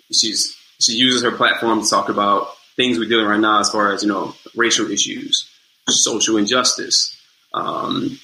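A young male actor recounts his work in a loose, conversational way, circling back over his words. His voice sits a bit low but comes across bright and forceful. The room around him is echoey. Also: slight background noise. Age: young adult. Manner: loose, repeats words, "you know what I'm saying". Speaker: guest actor. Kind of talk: casual interview storytelling.

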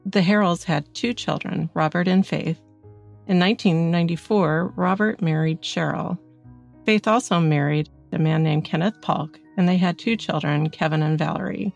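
A woman co-hosts a true-crime podcast, reading her script in a measured, steady manner. Her voice sits a little low and has a gravelly, creaky texture, with faint music underneath. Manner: measured reading, agreeable in chat. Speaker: podcast co-host.

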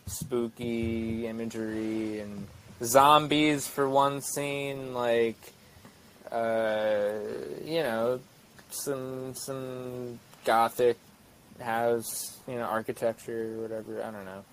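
A man's voice: mid-range voice, little pitch movement, takes it slowly, a little hiss or hum, low-quality recording. A man in his twenties, a guest actor, chatting casually on a podcast, rambling with many fillers and restarts.

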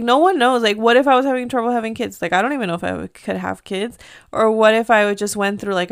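Chatty podcast woman with gravelly edge. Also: mid-range voice, no echo, clean studio sound. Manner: candid, chatty, heavy use of "like". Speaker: podcast host. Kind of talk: casual chat.

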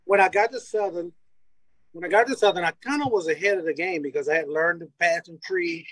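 High-voiced man telling an animated story. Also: brisk, breathy edge, no room sound, low-quality recording. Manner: animated, laughs often, acts out quoted dialogue. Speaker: guest, former college football player. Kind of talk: casual storytelling.

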